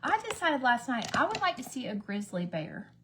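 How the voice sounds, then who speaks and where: On a very noisy recording, a beauty vlogger talks through her makeup on a get-ready-with-me stream. Her pitch runs high and she's very animated at a moderate pace, wandering chattily from story to story and occasionally whispering.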